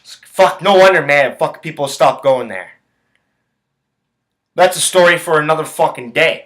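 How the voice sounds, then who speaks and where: A man's voice: on the high side, normal speed, fairly bright tone, poor audio. A man ranting heatedly about hockey and sports betting, swearing constantly and rambling from point to point. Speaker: sports handicapping vlogger. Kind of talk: profane ranting commentary.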